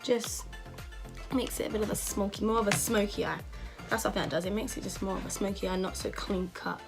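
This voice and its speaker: A woman's voice: mid-range voice, steady tone, a little fast, gravelly, over music. A young woman from England talking casually through a makeup tutorial, chatty and full of slang. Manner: chatty, slangy, lots of "you know". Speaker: beauty vlogger.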